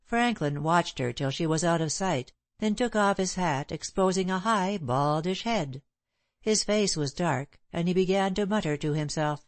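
Low-voiced woman reading an audiobook. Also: expressive, moderate pace, dry recording. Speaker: audiobook narrator. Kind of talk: scripted narration.

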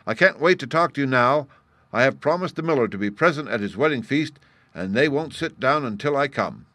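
A man's voice: mid-range voice, lively intonation, a bit bright, no room sound, pitched above the performer's own voice, lightly acted. A man voicing a hasty, self-important horse in a storybook reading, calling out in a hurry. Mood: hurried. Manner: hurried, calling out.

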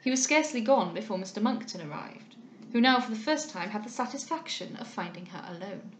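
A woman reading a classic novel aloud, in a measured, steady narration. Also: mid-range voice, a little hiss or hum. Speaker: audiobook reader. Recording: roomy echo.

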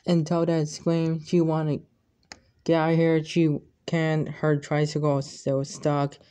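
A man casually retelling a story he made up, halting and repeating words as he goes. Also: a little high, dark tone, clean tone. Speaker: fan storyteller.

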